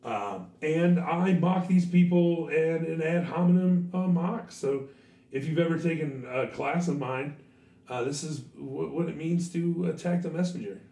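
A hoarse man with a craggy, sore throat hosts a podcast, swearing and telling stories in a casual chat. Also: fairly high pitch, measured pace. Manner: animated, swearing, storytelling. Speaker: podcast host and teacher. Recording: echoey room, distant mic.

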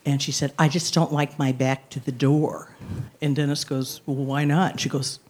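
A woman's voice: very deep voice, little pitch movement, normal speed, a little mellow. Wry woman telling a story on stage. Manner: wry, self-mocking, laughing through lines. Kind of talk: live personal storytelling. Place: stage before an audience.

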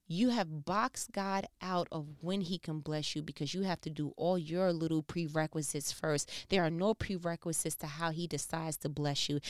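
A woman talking through faith in a loose, slangy way, jumping into the voices of the people she quotes. Her voice is smooth and clear, recorded dry and close with no room sound. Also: lowish voice, dry recording. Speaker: faith speaker. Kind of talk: casual devotional talk.

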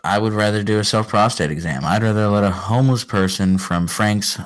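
Deep-voiced rambling man. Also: brisk. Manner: rambling, self-deprecating, trails off. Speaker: podcast co-host, father. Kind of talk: casual chat.

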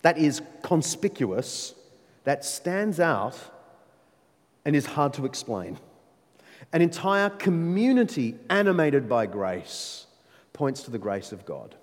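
A man preaching a sermon, emphatic and animated, with playful asides to his listeners. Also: fairly high pitch, slow pace. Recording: long reverb of a large hall.

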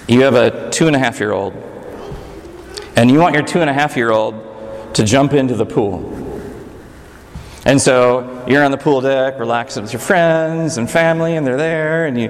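A man preaching a sermon, swinging between high urgent passages and low intimate ones. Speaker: pastor. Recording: echoey hall reverb.

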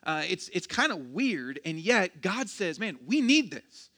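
A man's voice: high-pitched, sing-song, measured pace, bright, forceful tone. A man preaching a sermon as pastor, casual and joking, with self-deprecating asides and frequent restarts. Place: church.

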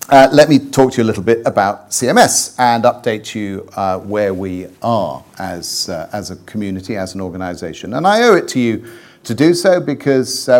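A man giving a conference address as a leader of a mission organisation, often hesitating with fillers and restarts. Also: on the low side.

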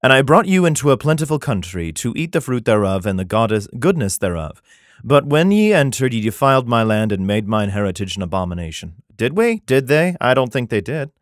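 A man's voice: mid-range voice, very animated, no room sound, clean studio sound. A man reading old scripture verses aloud and breaking in with sarcastic, irreverent comments that include swearing. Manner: plain unhurried reading of archaic verse.

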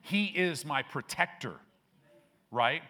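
A man's voice: a little high, lively intonation, slow pace, sharp tone. Older male pastor, conversational sermon. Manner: conversational storytelling, rising to emphatic declarations. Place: church sanctuary.

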